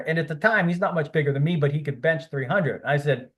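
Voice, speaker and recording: A man's voice: a little high, brisk. A man talking as a podcast guest, rambling and encouraging, with many fillers and restarts. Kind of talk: casual interview talk.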